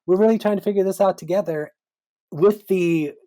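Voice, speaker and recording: Animated man, thoughtful podcast guest. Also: high-pitched, normal speed. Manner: thoughtful, animated, acts out quoted voices. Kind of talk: conversational interview.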